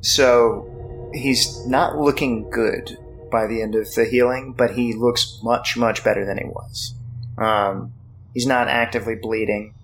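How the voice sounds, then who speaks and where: A young man narrating as game master of a tabletop game, slow and halting with many fillers. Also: medium pitch, fairly even intonation, fairly bright tone, faint music behind, poor audio.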